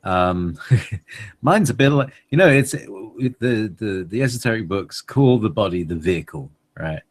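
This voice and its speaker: A man's voice: fairly low pitch, animated, moderate pace. A man, co-hosting a radio chat. He rambles playfully, with many fillers and laughs. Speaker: co-host.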